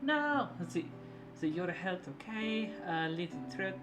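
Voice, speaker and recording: This young man's high voice is unhurried as he streams casually, chatty and eager to explain, with frequent laughter. He's a streamer and artist in a casual live-stream chat, recorded with clear background music.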